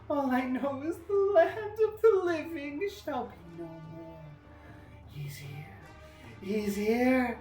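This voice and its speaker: A man voicing a grim female ghost who speaks in drawn-out, half-whispered lines, recorded in an echoey room. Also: very high-pitched, darkish tone, pitched above the performer's own voice, full character voice. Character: grown female ghost, grim and doom-saying.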